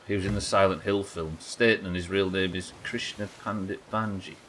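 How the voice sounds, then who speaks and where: Low-voiced man streaming a game. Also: a little fast, a little hiss or hum. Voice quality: lively, swears casually, chatty asides. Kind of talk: live game commentary reading chat.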